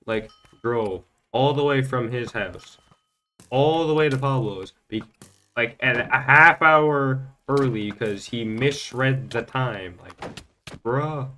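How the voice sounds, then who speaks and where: A man's voice: mid-range voice, takes it slowly, bright, forceful tone. A young man telling a rambling story during gameplay commentary, full of fillers and stumbling repeats. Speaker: gaming channel host.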